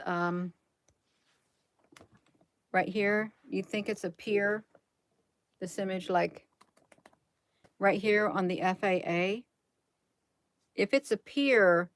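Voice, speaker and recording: A woman hosts a relaxed livestream, thinking out loud, reading from the screen, and replying to chat. Her voice is medium-pitched and fairly bright, recorded dry.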